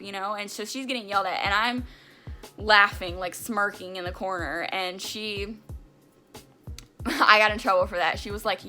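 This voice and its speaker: A woman's voice: medium pitch, moderate pace, bright, forceful tone, soft background music. A young woman vlogger animatedly retelling a personal story, with emphatic, casual swearing. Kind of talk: storytime vlog.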